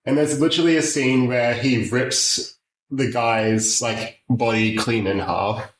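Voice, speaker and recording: A man's voice: mid-range voice, steady tone, slow, recorded from a distance. A man getting tattooed who chats casually and laughs easily. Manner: laughs easily, retells clips with quoted voices. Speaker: tattoo client and guest. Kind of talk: casual chat. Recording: echoey room.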